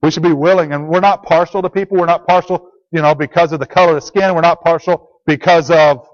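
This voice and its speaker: A man with a somewhat high voice and fairly even intonation talks fast as he preaches a sermon to a congregation. His teaching is earnest and plain, repeating key phrases, and the recording sounds dull and lo-fi.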